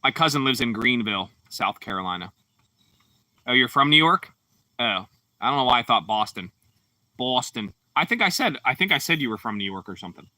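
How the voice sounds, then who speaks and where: A man's voice: medium pitch, animated, fairly quick, pushed and bright, no room sound, recorded from a distance. A man from Pittsburgh, chatting casually on a livestream and reading out chat comments in a laid-back, rambling way with lots of fillers. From Pittsburgh, Pennsylvania. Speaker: livestream host.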